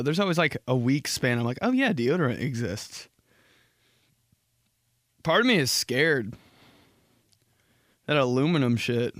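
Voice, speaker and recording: A young man hosting a solo podcast, rambling and profane, breaking into loud impressions. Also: mid-range voice, dry recording, studio quality. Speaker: podcast host. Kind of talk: casual solo podcast monologue.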